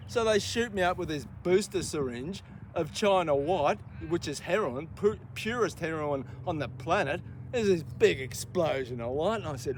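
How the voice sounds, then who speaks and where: A man's voice: a little high, lively intonation, fairly quick, few pauses, slight background noise. A man telling a rambling, profane story, heated and stumbling over his words.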